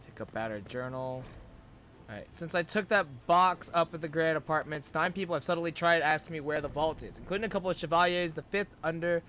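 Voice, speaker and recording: A man's voice: on the high side, a little fast, sharp tone, a little hiss or hum. A man streaming a video game and talking at it, often exasperated and swearing. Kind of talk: gaming livestream commentary.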